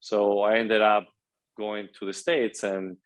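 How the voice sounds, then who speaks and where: A man's voice: fairly low pitch, flat delivery, slow pace, rough recording. A man in his twenties from Spain with a Spanish accent, speaking as a guest in a casual interview, upbeat and eager, often saying "you know". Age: 20s.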